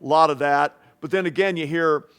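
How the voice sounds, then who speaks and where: A man's voice: a little high, steady tone, fairly quick, a bit bright, clean tone. A man, a guest guitarist, rambling through anecdotes in a casual interview and acting out voices and guitar sounds.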